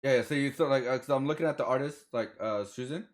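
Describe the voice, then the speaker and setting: A man's voice: medium pitch, fast. A man hosting a casual interview podcast over a call, chatty and repetitive with many fillers. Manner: chatty, repeats words, many likes. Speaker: podcast host. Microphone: remote call audio.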